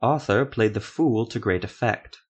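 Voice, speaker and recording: An actor voicing a calm male sorcerer and swordsman who speaks slowly and deliberately. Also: fairly low pitch, slightly rough.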